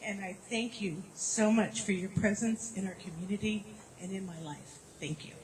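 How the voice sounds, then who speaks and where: A woman's voice: mid-range voice, normal speed. Woman, emotional tribute speaker; laughs through tears, faint background noise. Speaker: community program director.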